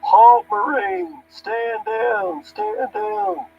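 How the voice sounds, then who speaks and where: A man voicing a male Marine captain who shouts military commands from afar. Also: high voice, big pitch swings, very slow, creaky, lo-fi sound, soft background music, pitched above the performer's own voice, exaggerated voice. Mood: commanding.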